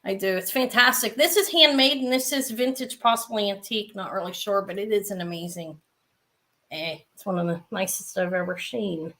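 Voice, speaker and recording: A woman's voice: medium pitch, moderate pace, sharp tone. A middle-aged woman chatting casually as she sells jewelry in a live-stream auction, rambling with asides.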